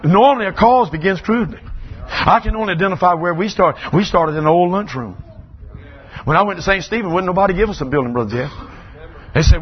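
An older man, preaching a revival sermon in a church auditorium, telling folksy stories that build into shouting. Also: sits high, animated, fast talker, slightly rough, lo-fi sound. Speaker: pastor.

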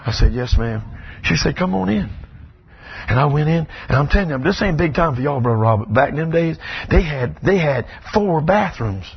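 An older man, preaching a revival sermon in a church auditorium, telling folksy stories that build into shouting. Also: fairly high pitch, animated, a little fast, hardly any pauses, slightly rough, dull audio. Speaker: pastor.

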